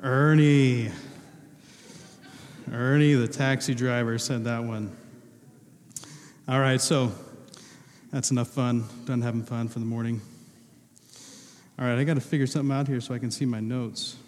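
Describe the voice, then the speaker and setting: A man's voice: mid-range voice, fairly even intonation, a little slow, pauses often, a little mellow, slight background noise. A male pastor talking casually from the pulpit, joking with the congregation while quizzing them on movie quotes. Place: large church hall. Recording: long hall reverb.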